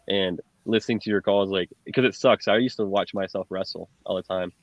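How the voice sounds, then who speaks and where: A man's voice: low voice, fairly even intonation, fairly quick. A man hosting a casual interview, loose and chatty, with lots of fillers. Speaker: host. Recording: dull lo-fi call audio.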